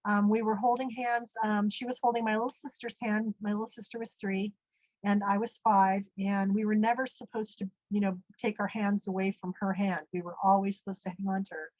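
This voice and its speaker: Recounting her near-death experience as an interview guest, a US woman tells the story earnestly and ramblingly, sprinkling in asides, "you know" and "literally." Her medium-pitched voice is brisk, level and darkish. The audio is dry and muffled.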